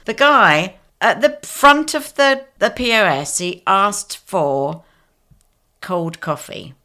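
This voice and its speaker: A woman's voice: mid-range voice, lively intonation, takes it slowly, pushed and bright. A woman co-hosting a podcast, telling work stories in casual chat and laughing often. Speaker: podcast co-host.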